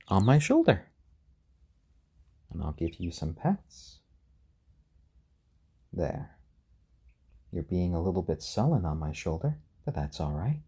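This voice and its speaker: A man hosting a casual live stream at home, gently chatting to viewers and talking softly and fondly to his baby chickens. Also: fairly low pitch, slightly rough.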